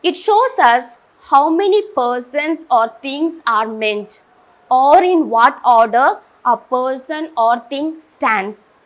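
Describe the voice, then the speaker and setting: A female teacher from India giving a grammar lesson, asking and answering her own questions in a slow, deliberate way. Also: high voice, expressive.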